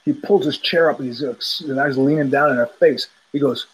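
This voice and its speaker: A man's voice: on the high side, fairly quick, few pauses, husky, poor audio. A man from New York hosting a podcast in a rambling, digressive monologue full of tangents and restarts. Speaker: podcast host. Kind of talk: casual monologue.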